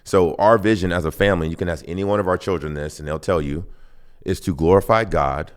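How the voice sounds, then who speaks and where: A man telling personal stories on a podcast in a lively way, acting out both sides of conversations. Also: low voice, fast talker. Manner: animated, acts out both sides of dialogue. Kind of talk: casual storytelling.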